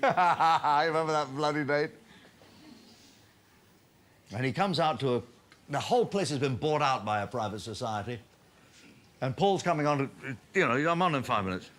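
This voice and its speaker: A man, a comedian telling anecdotes on stage in lively storytelling punctuated by laughter. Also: fairly high pitch, a little slow, pauses often.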